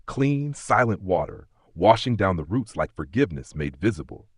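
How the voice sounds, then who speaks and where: Deep, husky male audiobook narrator. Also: very animated, dry recording, clean studio sound. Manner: measured, solemn, many pauses. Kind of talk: scripted narration.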